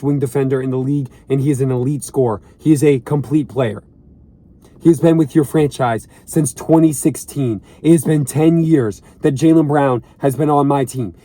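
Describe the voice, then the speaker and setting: Slow, exasperated young man ranting. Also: medium pitch, mellow. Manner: exasperated, repeats points with heavy emphasis. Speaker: vlogger and sports fan. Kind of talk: ranting to camera. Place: inside a parked car.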